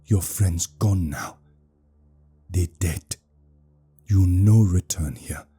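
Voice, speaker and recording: A man's voice: low voice, extremely slow, dark tone, slightly rough, full character voice. A man voicing a menacing, commanding tribal leader who barks curt orders in broken English, in a spoken horror story.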